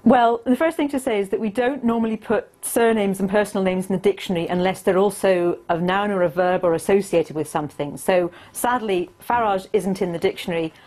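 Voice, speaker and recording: A woman explaining word pronunciation as an expert guest, speaking from a remote studio in a measured, explanatory way. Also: mid-range voice, darkish tone.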